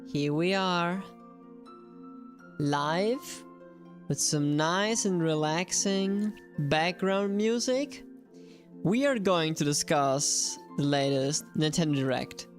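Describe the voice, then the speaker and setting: A woman's voice: deep voice, animated, slow, soft background music. A young adult woman hosting a live gaming stream, chatting animatedly and addressing her viewers directly.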